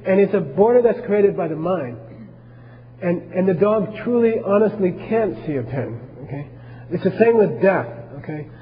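Guy teaching buddhism, higher voice, keeps going "okay?" at the class, dull lo-fi audio. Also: lively intonation, normal speed, in a large hall. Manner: keeps checking in with listeners, asking questions.

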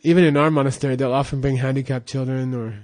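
A man who is a Buddhist monk, telling a teaching story casually, rambling and halting with fillers. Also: medium pitch, fairly even intonation, darkish tone.

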